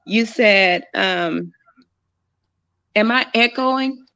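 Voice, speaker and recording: A woman's voice: medium pitch, very slow, fairly bright tone, smooth. A woman calling in to a casual chat, hesitant and full of fillers. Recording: dull lo-fi call audio.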